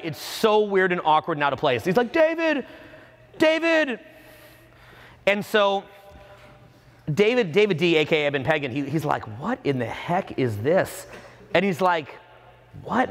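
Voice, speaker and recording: Man, dating coach, live seminar talk, profane, animated, fairly high pitch, long hall reverb. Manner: profane, animated, acts out the people in his stories.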